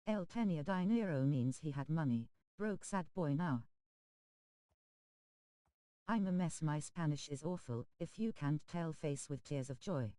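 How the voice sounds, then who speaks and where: This is a synthetic voice reading viewer chat on a game stream. Its tone is soft and warm, and the delivery stays smooth and even. It reads emoji names and abbreviations out literally, with a dry, close sound. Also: mid-range voice, unhurried, no room sound, poor audio. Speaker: text-to-speech chat reader on a game stream.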